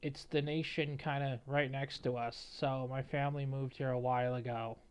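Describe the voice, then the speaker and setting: A man's voice: medium pitch, steady tone, normal speed, clean tone, close to an everyday voice. A man voicing a chatty female shopkeeper. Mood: friendly. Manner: chatty, casual storytelling. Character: friendly female shopkeeper, a former warrior.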